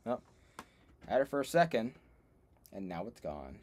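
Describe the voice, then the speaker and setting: A man's voice: medium pitch, very animated, unhurried, a little mellow. A man commenting casually on a livestream as he tests old computers at home, rambling, joking and laughing at himself. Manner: rambling, self-deprecating, laughs often. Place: home room.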